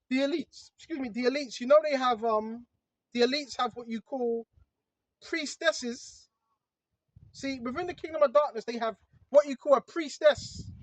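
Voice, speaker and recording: High-pitched and dry, this dull lo-fi recording captures an online preacher giving an informal, emphatic, repetitive sermon that keeps checking in with the listener.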